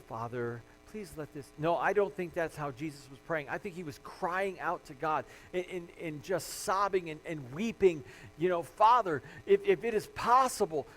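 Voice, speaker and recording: A man preaching a sermon as pastor, reading scripture aloud and rising to loud, emphatic passages. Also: sits high, poor audio. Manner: frequent fillers and restarts, reading scripture aloud.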